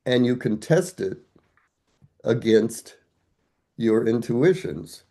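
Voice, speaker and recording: Slow, mellow-voiced older man explaining. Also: on the low side, animated. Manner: thoughtful, explains step by step with rhetorical questions. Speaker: guest scholar. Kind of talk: conversational academic explanation.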